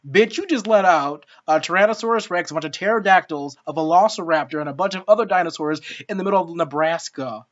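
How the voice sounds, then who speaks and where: A woman's voice: fairly low pitch, fast, hardly any pauses. A woman giving a casual spoken film review, ranting in an exasperated, profane way. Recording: dull lo-fi sound.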